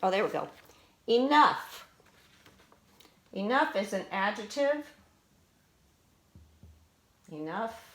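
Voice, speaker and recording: A middle-aged woman teaching a spelling lesson to students. She speaks slowly and patiently at a medium pitch, defining each word and asking questions as she goes. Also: very animated. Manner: slow, patient, explains and asks questions.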